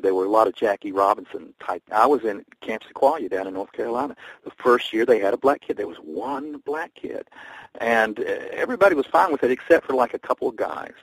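A man from the American South, a guest on a talk show, telling rambling, animated personal stories. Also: fairly low pitch, gravelly, husky, no room sound, rough recording. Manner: rambling, animated storytelling with laughs. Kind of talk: storytelling in conversation.

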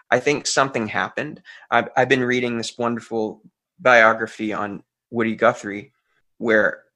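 This guest is a middle-aged folk musician and singer from Central Massachusetts, with a lowish, fairly bright voice. In a relaxed interview he reflects earnestly and openly, thinks out loud, and laughs readily.

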